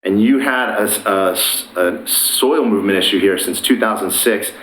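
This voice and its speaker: Earnest man pitching at a city meeting. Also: moderate pace, fairly bright tone, roomy sound, poor audio. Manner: earnest, persuasive, some hesitations. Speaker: property owner presenting. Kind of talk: public meeting presentation. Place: council chamber.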